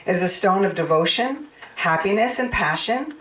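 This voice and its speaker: A woman's voice: medium pitch, lively intonation, moderate pace, fairly bright tone. A woman minister giving a heartfelt, personal sermon and a blessing for a couple's anniversary. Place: church sanctuary. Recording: echoey hall, mic far off.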